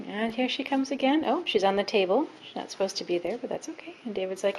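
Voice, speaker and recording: A woman's voice: mid-range voice, expressive, fast, background noise. A woman filming her young son at home, narrating and coaxing him and a cat in a sing-song voice. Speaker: mother filming her child. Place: at home with a couch.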